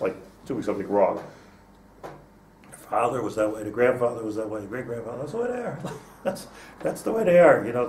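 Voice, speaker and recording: A man's voice: medium pitch, creaky, a little hiss or hum. A man, a rabbi, giving an informal class to students, chatty and restarting his phrases, with Hebrew terms mixed in. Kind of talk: informal Torah lecture. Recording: roomy echo, mic at a distance.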